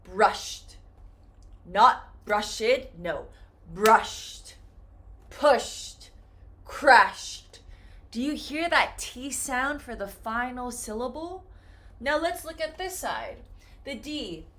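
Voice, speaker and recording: A woman teaches English pronunciation in a bright, higher voice, her pitch rising and falling a lot. She talks slowly and says example words with care. A faint hiss sits behind her. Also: sing-song. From United States. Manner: slow, clearly modeled example words. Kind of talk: classroom lesson on pronunciation.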